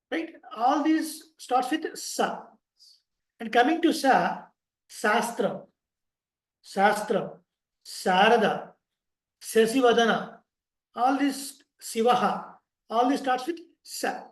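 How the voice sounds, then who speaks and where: A man with an Indian English accent leading an online sloka class, chanting slowly and explaining pronunciation with patience. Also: extremely high pitch, reverberant, poor audio. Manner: slow drawn-out chanting, patient spelling-out of sounds. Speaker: chanting teacher.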